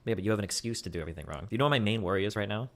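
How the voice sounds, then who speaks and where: A man's voice: lowish voice, lively intonation, racing. A man hosting a livestream, pressing a guest with confrontational, interrogating questions in a heated debate. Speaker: streamer host.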